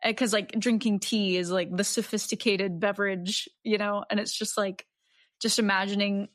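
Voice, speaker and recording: A young woman guests on a casual book podcast in an even, mid-range voice. She talks hesitantly, with plenty of ums and easy laughter. The mic is close and dry. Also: mid-range voice, moderate pace, dry recording. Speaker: podcast guest, host's wife. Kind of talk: casual book-discussion chat.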